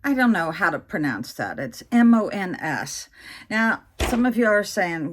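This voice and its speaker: Woman in her sixties, fairly low voice, chatty, candid, rambling asides. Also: very animated, measured pace. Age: 60s. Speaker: vlogger. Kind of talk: casual storytelling to camera.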